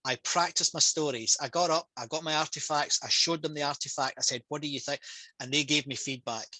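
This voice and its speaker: A Scottish man talks with lively passion over a video call headset, his voice bright and a little high for a man. The sound is dry and close, with no room around it. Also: fairly quick, no echo, low-quality recording. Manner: passionate, energetic storytelling. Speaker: public speaker and trainer. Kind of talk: casual talk on a video call.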